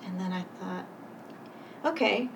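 A woman guest telling her personal story in a conversation, earnest and halting, pausing to reflect. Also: fairly low pitch, steady tone, vocal fry. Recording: voice a bit far from mic, faint noise.

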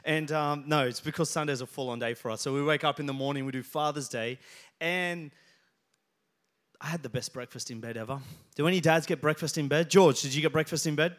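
A man's voice: on the high side, fairly quick, fairly bright tone. A man, preaching a sermon and telling funny stories to his congregation. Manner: joking storyteller, talks to the congregation by name. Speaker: pastor. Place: church hall with congregation.

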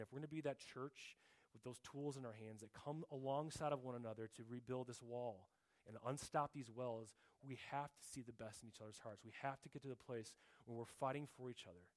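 Earnest middle-aged man giving church testimony. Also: medium pitch. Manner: earnest, often drops to a soft, quiet tone; repeats words when searching for a phrase. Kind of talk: sermon testimony.

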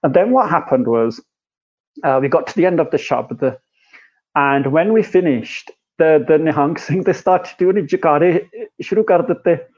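Animated man, rhetorical, lo-fi. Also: on the high side, moderate pace. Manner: animated, rhetorical, frequent "right?" and "you know". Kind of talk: reflective conversation. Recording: dull lo-fi sound.

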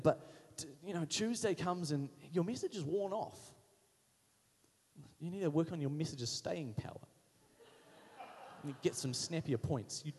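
Male pastor, fairly high husky voice, punchy repetitive preaching, long church-hall reverb. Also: a little mellow. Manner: emphatic, repetitive preaching with punchy short phrases. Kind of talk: sermon.

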